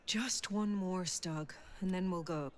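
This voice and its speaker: An actress voicing a weary, reluctant woman warrior who speaks slowly and grudgingly in a fantasy game. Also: lowish voice. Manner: slow, grudging.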